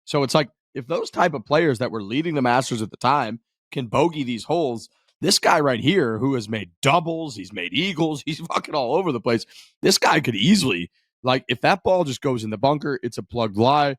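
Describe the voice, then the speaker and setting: A man's voice: medium pitch, normal speed, no echo, clean studio sound. A man co-hosting a podcast, telling a golf finish blow by blow in loose, profane chat. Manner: animated, profane play-by-play storytelling. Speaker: podcast co-host. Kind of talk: casual sports chat.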